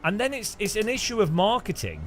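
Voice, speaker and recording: A man's voice: sits high, wildly swooping pitch, brisk, over music. A man hosting a casual sim racing gameplay commentary, rambling and joking and laughing often between thoughts. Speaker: sim racing channel host.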